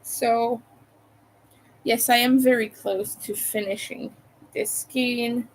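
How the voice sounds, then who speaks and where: A woman casually chatting to her livestream viewers while she crochets, talking half to herself between quiet pauses and sounding tired. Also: a little high, fairly even intonation, poor audio.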